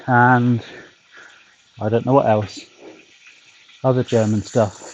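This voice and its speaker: This British vlogger pedals an indoor trainer at home in the back garden, chatting casually to his stream with lots of ums and dry wit. He speaks slowly in a mid-range, level voice, leaving long pauses. The sound is lo-fi.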